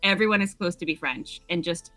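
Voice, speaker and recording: A woman's voice: fairly low pitch, fast talker, bright, forceful tone, dry recording, faint music behind. A woman casually chatting and joking while playing a story game, laughing often. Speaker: game streamer. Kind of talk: casual let's-play chat.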